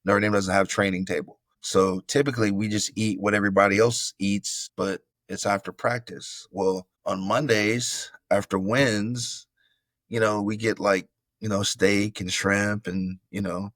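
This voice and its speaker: A middle-aged man from Florida tells a story over a video call in a low voice. He acts out what people said and keeps calling the host bro. The sound is dry and close. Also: unhurried, no room sound. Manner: animated storyteller acting out quotes, calls host bro. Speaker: podcast guest, former football player. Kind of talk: casual storytelling interview.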